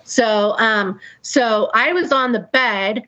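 An animated middle-aged woman recounting a story in casual, profane talk, acting out bangs and voices as she goes. Her voice sits a bit high for a woman. The recording is dull and lo-fi. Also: slow. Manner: animated, acts out sounds and quotes, swears freely. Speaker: guest telling a personal story. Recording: dull lo-fi sound.

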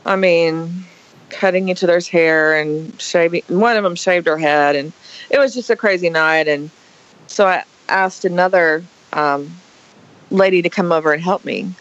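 Animated woman telling a story. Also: lowish voice, a little slow, highs cut off. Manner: animated, dramatic retelling. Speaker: guest storyteller. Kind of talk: casual storytelling.

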